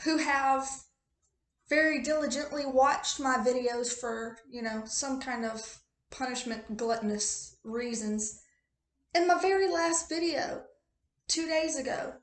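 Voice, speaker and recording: A woman's voice: high voice, reverberant. A chatty woman with a rural American accent, reading tarot cards in a casual, joking, profane way. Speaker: tarot reader.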